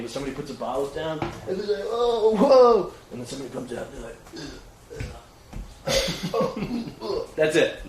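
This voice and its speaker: Heard from a distance in a roomy, noisy space, a twenty-something man with a mid-range voice shares an easygoing story on a livestream. He keeps laughing, stays animated, and leans heavily on "like."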